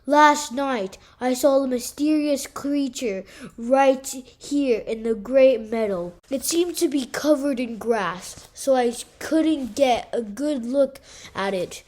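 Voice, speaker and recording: A woman's voice: sits high, slow, darkish tone. A woman voicing a fussy male owl who warns the crowd of animals in a storybook reading, urgent and raised. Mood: alarmed.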